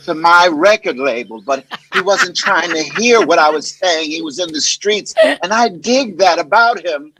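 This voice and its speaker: A man doing an impression of a soft-spoken record mogul, pleading in a drawn-out, wavering voice. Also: fairly high pitch, animated, a little hiss or hum, rough recording. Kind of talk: celebrity impression.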